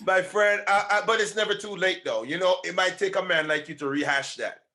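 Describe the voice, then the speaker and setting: A male podcast host in loose, friendly conversation. His voice sits a little high and sounds bright and forward. He talks in an animated way, laughs easily and circles back to repeat his points for emphasis. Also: a little fast. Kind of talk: casual chat.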